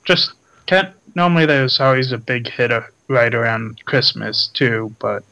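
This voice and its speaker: A man co-hosting a casual gaming chat, relaxed and trailing off with filler words. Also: mid-range voice, unhurried, vocal fry, rough recording. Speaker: podcast co-host.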